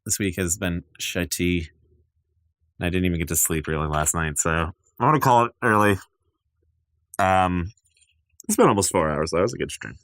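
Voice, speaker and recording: A man's voice: low-pitched, normal speed, pauses often, fairly bright tone, no room sound. A tired man streaming games, chatting casually and swearing freely. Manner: laid-back, swears freely. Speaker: game streamer. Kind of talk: casual livestream chat.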